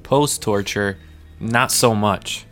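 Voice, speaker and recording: A man's voice: lowish voice, takes it slowly, a bit bright, faint music behind. A man co-hosting a podcast in casual chat, playful and often restarting his sentences. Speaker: musician co-host.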